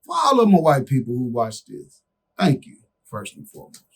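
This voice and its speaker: A man co-hosting a podcast, speaking in an impassioned, preaching way, full of slang, swinging between loud calls and quiet asides. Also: medium pitch, wildly swooping pitch, normal speed, slightly rough. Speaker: podcast co-host.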